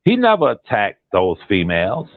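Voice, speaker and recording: A man, a guest on a call-in commentary chat, talking in an animated, repetitive and emphatic way. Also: lowish voice, normal speed, a crowd in the background. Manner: animated, repetitive and emphatic, drops into imitated quotes. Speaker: guest on a commentary channel, relative of a defendant. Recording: tinny phone line.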